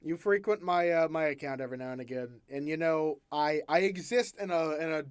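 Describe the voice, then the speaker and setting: A man's voice: on the high side, a little fast, clear, resonant tone, no echo, clean studio sound. A man hosting a casual podcast chat, giggly and self-deprecating. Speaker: podcast host.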